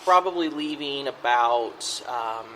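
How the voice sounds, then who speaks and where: Relaxed man recapping, noisy room. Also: medium pitch, slow pace. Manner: plain, relaxed recap with hesitations. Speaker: podcast guest. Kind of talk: casual roundtable chat.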